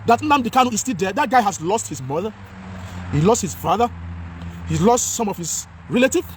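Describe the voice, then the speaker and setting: A high, quick-talking Nigerian man vlogs outdoors on a city street, switching between English and Pidgin. He repeats his points with great passion. Faint traffic noise runs underneath his voice. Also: animated. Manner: impassioned, repetitive, mixes Pidgin with English. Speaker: vlogger. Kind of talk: outdoor talking-head vlog.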